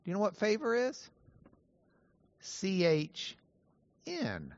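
A man teaching a Bible lesson to an audience, animated and playful, spelling out Hebrew words slowly. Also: high voice, no echo, highs cut off. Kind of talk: lively teaching talk to an audience.

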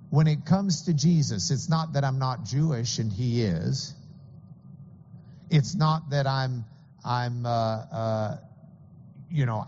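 Male pastor preaching earnestly, lively higher voice, dull hall recording with faint hum. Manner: earnest, explanatory, some stammering restarts. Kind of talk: sermon.

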